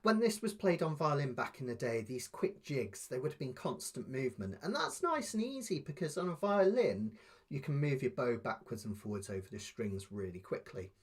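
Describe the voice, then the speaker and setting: A man teaching a live online ukulele lesson, patiently explaining step by step and counting beats aloud softly. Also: medium pitch, husky.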